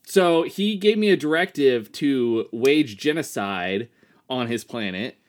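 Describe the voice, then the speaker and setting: A man's voice: medium pitch, lively intonation, a little slow, natural voice. A man voicing an ancient male war captain who talks like a laid-back 1990s dude, slangy and upbeat. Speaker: podcast co-host. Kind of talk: improvised comedy role-play.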